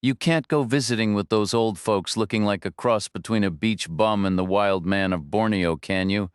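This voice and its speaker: A man voicing a gentle, teasing young woman. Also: fairly low pitch, moderate pace, clean tone, dry recording, studio quality, natural voice.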